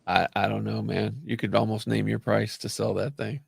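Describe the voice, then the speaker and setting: A man in casual chat, telling rambling, animated stories and cursing freely. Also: lowish voice, moderate pace, creaky, husky, dry recording, clean studio sound.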